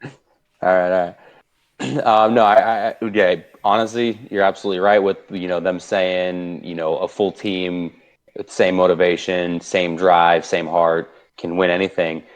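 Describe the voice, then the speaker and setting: A man's voice: deep voice, flat delivery, unhurried. A man co-hosting a sports podcast, chatting casually about football picks, rambling with many fillers and restarts. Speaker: podcast co-host.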